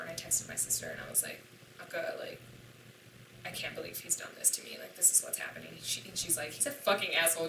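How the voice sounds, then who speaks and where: A woman's voice: lowish voice, noisy background. A woman in her twenties, a podcast guest, telling a personal story in a candid, profane way and acting out the dialogue. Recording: echoey room, distant mic.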